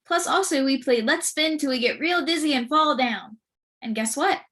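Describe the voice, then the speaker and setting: A woman reading a children's book aloud with lively, expressive storytelling. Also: high voice, normal speed. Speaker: storybook reader.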